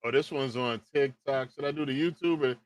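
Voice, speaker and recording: A man's voice: medium pitch, a little fast, no room sound. A man co-hosting a video reaction show, telling slangy stories in casual chat. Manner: animated storytelling, slangy.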